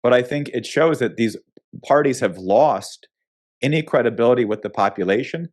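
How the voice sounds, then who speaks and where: A man's voice: medium pitch, expressive, moderate pace. Opinionated American man, emphatic commentary. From United States. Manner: opinionated, emphatic, frequent restarts and fillers. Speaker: guest. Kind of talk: casual political interview.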